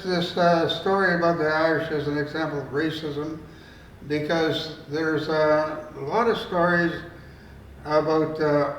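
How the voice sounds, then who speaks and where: A man in his eighties, an author telling stories at a library event in a meandering, folksy, conversational way. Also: on the high side. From Canada. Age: 80s. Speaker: storyteller and author. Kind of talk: storytelling talk. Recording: roomy room, mic far off, faint noise.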